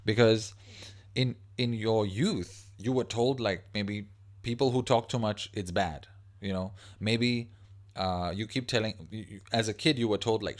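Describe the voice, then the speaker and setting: A man who's a parent of a young child hosts a livestream, rambling casually and reading viewer comments aloud as he goes. His voice is lowish and his pace moderate.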